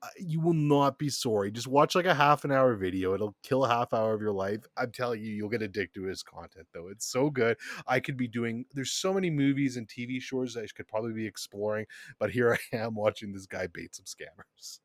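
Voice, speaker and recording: A man's voice: mid-range voice, brisk, few pauses, no room sound. A man hosting a podcast, chatting casually and enthusiastically. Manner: animated, enthusiastic storytelling with laughs. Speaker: podcast host. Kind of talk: casual chat.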